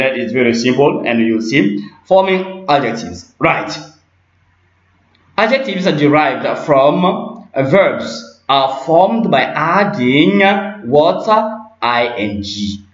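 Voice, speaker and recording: Male teacher, unhurried and repetitive; roomy, muffled recording. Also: medium pitch. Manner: repeats words and phrases, many fillers. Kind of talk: slow grammar lesson.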